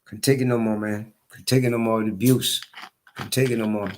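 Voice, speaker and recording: A hoarse man telling his story in a casual monologue, repeating his points for emphasis. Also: lowish voice, steady tone, a little fast, darkish tone, a little hiss or hum. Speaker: vlogger.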